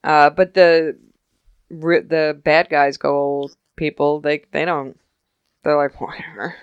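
Young woman podcaster, low voice, dry sound, acts out all the characters while she recaps. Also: clean tone, no echo, dull audio. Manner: animated, acts out characters in quick voices, laughs often. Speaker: podcast co-host recapping a TV episode. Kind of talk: casual chat.

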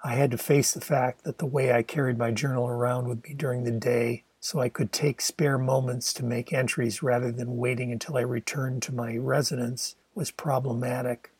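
An older man narrating his own autobiographical novel as a steady, reflective audiobook reading. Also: mid-range voice, moderate pace, hardly any pauses, breathy edge, no echo.

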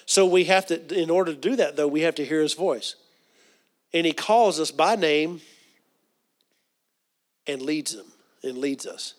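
A middle-aged man preaching a sermon. He often repeats words and asks the congregation questions. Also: fairly high pitch. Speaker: pastor.

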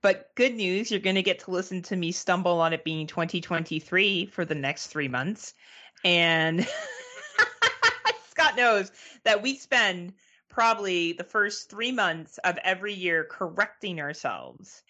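Woman, forties, from Canada; laid-back podcast co-host, a little low-pitched, chatty, swears freely. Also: sing-song, measured pace, bright, forceful tone. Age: 40s. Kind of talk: casual chat.

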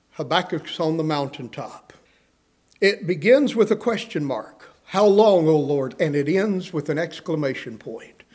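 Preaching man, slightly high voice. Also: a little mellow. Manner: rhythmic preaching with rising, pleading outbursts. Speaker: pastor. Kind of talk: sermon.

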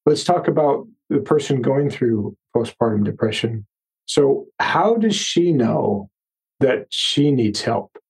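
A man hosting an interview podcast, summing up and asking questions in a measured, thoughtful way. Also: medium pitch, lively intonation, darkish tone, slightly rough, low-quality recording. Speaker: podcast host.

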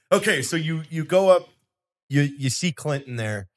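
A man co-hosting a casual conversation, chatty and quick to chime in and laugh. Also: fairly high pitch, animated, no echo, clean studio sound. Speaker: podcast co-host.

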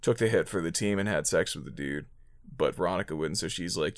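A man co-hosting a casual movie chat, gravelly, rambling and hesitant with lots of fillers. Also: deep voice, a little fast, no room sound, studio quality. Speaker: podcast co-host.

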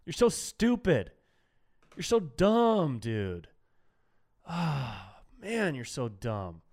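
A man's voice: a little high, very animated, very slow, darkish tone. A man hosting a solo podcast, ranting sarcastically and saying dude a lot. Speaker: podcast host.

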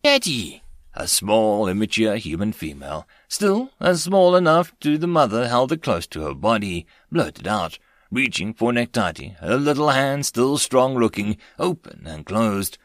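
A man narrating a web-novel audiobook in an expressive storytelling manner, close to the mic. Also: lowish voice, moderate pace, dry recording.

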